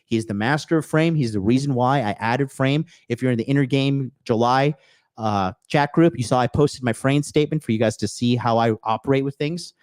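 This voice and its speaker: A man's voice: mid-range voice, dry recording. Crude, fired-up man ranting. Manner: blunt, crude and animated, acting out quoted voices. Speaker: podcast host. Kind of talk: profane motivational rant. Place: apartment or home in Tokyo.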